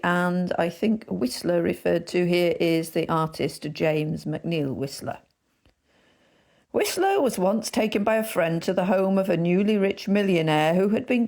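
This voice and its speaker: A woman reading old magazine jokes aloud in a measured storytelling manner. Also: lowish voice, gravelly, darkish tone. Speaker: reader.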